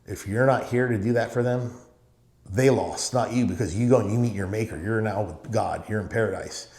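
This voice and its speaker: A man's voice: lowish voice, a little fast, darkish tone. A middle-aged man from the Middle East, a podcast guest telling stories in an emphatic way and repeating short phrases. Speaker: guest, real estate owner. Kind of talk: casual interview storytelling. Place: podcast studio. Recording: roomy studio echo.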